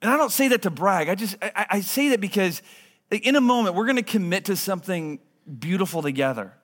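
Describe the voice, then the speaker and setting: A man in his thirties preaching a sermon in a church, earnest, moving between hushed and emphatic delivery. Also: sits high, animated, fast talker. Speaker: pastor. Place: church sanctuary. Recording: long hall reverb.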